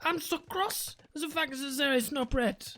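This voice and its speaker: A man voicing irate German shoppers in a mock German accent, shouting indignantly about missing bread. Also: very high voice, moderate pace, pitched above the performer's own voice. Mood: outraged.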